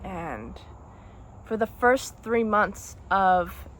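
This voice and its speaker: A woman's voice: mid-range voice, animated, very slow, a bit bright, a little hiss or hum. Emotional young woman venting a breakup story. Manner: emotional, rambling, says "like" and "dude" a lot. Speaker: vlogger. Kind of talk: casual storytime monologue.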